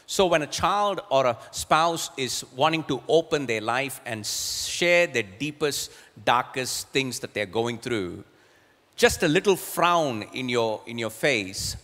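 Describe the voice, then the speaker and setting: A middle-aged pastor delivers a sermon in a medium-pitched, slightly bright voice, with long hall reverb on the recording. He's earnest and sometimes repeats words while searching for a phrase.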